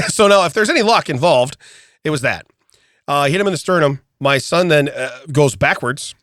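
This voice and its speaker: A middle-aged man co-hosting a podcast, telling an animated story in casual chat, often checking in with "okay?" and restarting his sentences. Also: fairly high pitch, normal speed, dry recording, clean studio sound. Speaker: podcast co-host.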